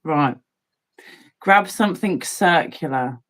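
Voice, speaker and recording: A woman's voice: low voice, expressive, slow pace, a bit bright, rough recording. A woman in casual chat, teasing and playful, laughing often.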